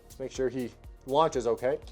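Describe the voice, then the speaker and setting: A young man hosting his channel, giving energetic play-by-play commentary on toy car races. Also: mid-range voice, normal speed, faint music behind. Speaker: toy car race host. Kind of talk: race commentary vlog.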